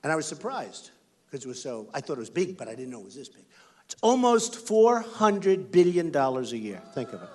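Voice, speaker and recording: A man's voice: on the high side, very animated, fairly quick, warm tone. An American man giving an emphatic, repetitive campaign rally speech as a political candidate on a stage microphone in a large indoor venue.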